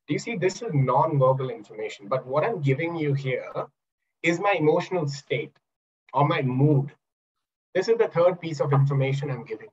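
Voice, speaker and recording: An NLP coach and trainer gives a webinar talk over a video call, explaining by asking questions and acting out examples. His voice is on the high side and animated at normal speed, with lo-fi sound and a little hiss or hum.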